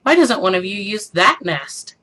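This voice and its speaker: A woman's voice: medium pitch, very animated, moderate pace, pushed and bright, slightly rough, heavily acted. Jack, a woman voicing an exasperated farmer.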